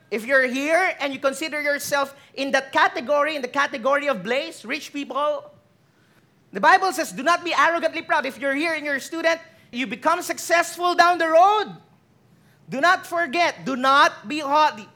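A preacher with a Filipino accent speaks in a high, bright voice. The sermon is lively, with playful teasing of the listeners and easy switches between languages. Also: normal speed, creaky.

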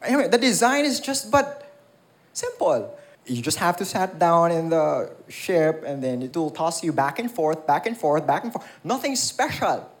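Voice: mid-range voice, sing-song, moderate pace. A preacher gives an earnest, emphatic sermon in a church, reading scripture and asking the congregation questions.

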